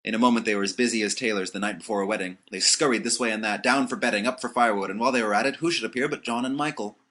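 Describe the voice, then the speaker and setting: A man narrating an audiobook with expressive storytelling. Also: on the low side, very fast.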